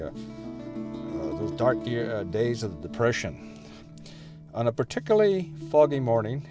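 An older man gives a storytelling tour and reads aloud from his own book, pausing often on "uh" between phrases. His pitch sits in an ordinary middle range for a man. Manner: hesitant, with frequent uh pauses. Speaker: author and tour guide.

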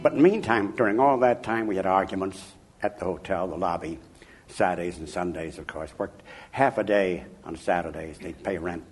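An older man from Chicago, an author interviewed about his life, telling anecdotes in an emphatic, animated way. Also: sits low, moderate pace, faint music behind. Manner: animated, emphatic, chuckling raconteur. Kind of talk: anecdotal storytelling.

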